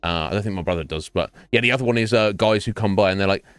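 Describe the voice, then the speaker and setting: A low-pitched man in his forties rambles through a casual stream chat. He swears freely and pokes fun at himself. The mic is close and dry, with faint game music behind him. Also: rapid-fire, a bit bright, clear, resonant tone, dry recording. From England. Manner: rambling, sweary, self-mocking. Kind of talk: casual chat while gaming. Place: home streaming setup.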